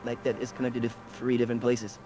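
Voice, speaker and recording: A man's voice: mid-range voice, little pitch movement, quick pace, dark tone. Dry, teasing male co-player. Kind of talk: casual gaming chat.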